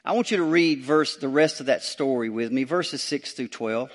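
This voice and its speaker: A male pastor, preaching a sermon emphatically, repeating phrases and building to loud surges. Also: medium pitch, normal speed.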